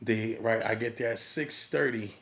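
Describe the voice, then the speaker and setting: A man's voice: fairly low pitch, moderate pace, fairly bright tone. A man who works as a DJ, telling a story in casual podcast chat and acting out quotes and crowd hype.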